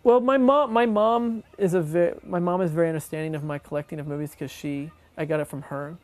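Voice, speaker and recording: A man's voice: fairly high pitch, fairly even intonation, brisk. A man rambling about his movie collecting in a documentary interview. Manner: rambling, self-correcting.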